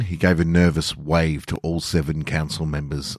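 A man reading a story aloud in measured, deliberate scripted narration. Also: rumbling low, flat delivery, a little mellow, breathy edge, dry recording, clean studio sound.

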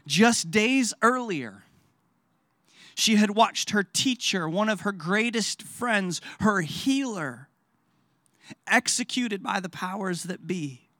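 A man preaching a sermon. He speaks emphatically, repeats phrases for weight, asks rhetorical questions and lets his phrases fall quiet and low at the end. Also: expressive, takes it slowly, dry recording, clean studio sound. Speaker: pastor.

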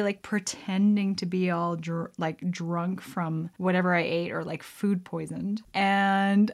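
A young woman in her twenties from Alberta, Canada, telling personal stories in a chatty, expressive way, laughing often and saying "like" a lot. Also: fairly low pitch, slow pace, hardly any pauses. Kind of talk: casual personal storytelling.

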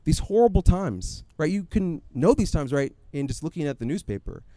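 A man preaching a sermon in a conversational, animated storytelling way, often acting out his own asides. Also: on the high side, normal speed, no echo. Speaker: pastor.

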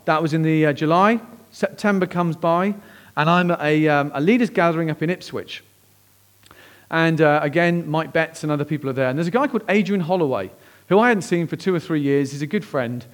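A man, a pastor preaching a sermon as lively, conversational personal storytelling. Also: fairly high pitch, fairly quick.

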